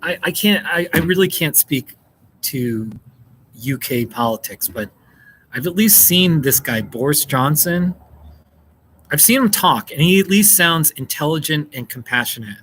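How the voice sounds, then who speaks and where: A man's voice: on the high side, lively intonation, measured pace, fairly bright tone, a little hiss or hum, low-quality recording. An American man hosting a casual live stream, chatting and reacting to viewer comments with frequent laughs. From United States. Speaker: livestream host. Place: indoors, seated at a table.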